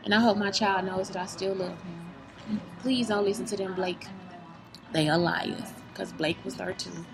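A woman vents straight to her viewers in a heated, profane monologue. She circles back on herself again and again, keeps asking whether they get her point, and speaks at a middling pitch. Clear music plays under her voice. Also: fairly even intonation, unhurried, rough recording. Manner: heated, profane, keeps asking "you see what I'm saying?". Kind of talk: unscripted venting monologue.

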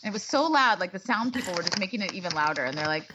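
A woman's voice: lively intonation, rapid-fire, few pauses, pushed and bright, highs cut off, slight background noise. A woman co-hosting a podcast in casual chat, talking loosely with restarts and the odd swear word. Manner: swearing, restarts, swoops in pitch. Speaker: podcast co-host.

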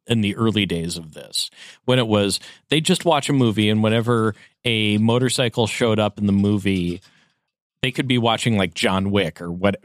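Male co-host, rambling storyteller, lower register, dry mic. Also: no room sound. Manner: rambling, self-correcting. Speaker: podcast co-host. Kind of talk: casual chat, storytelling.

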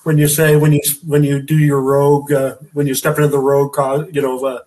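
A man interviewing a guest, asking halting questions full of fillers and restarts. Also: medium pitch, monotone, darkish tone. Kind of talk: casual interview talk.

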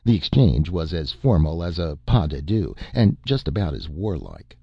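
A man narrating a novel as an audiobook, in a measured storytelling manner. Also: a bass voice, big pitch swings, gravelly, slightly rough, no echo, muffled recording. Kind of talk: scripted narration.

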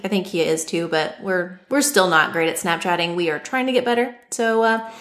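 A chatty woman co-hosts a casual podcast, laughing easily as she talks. Her voice sits at a middling pitch, and the room around the mic is clearly echoey. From Nashville, Tennessee. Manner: bubbly, laughs often, chatty. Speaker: podcast co-host. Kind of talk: casual chat.

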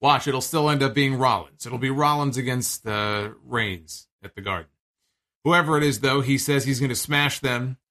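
A man's voice: mid-range voice, normal speed, pushed and bright. A man casually recapping a wrestling show for his podcast, rambling and chatty, with plenty of fillers and the odd swear.

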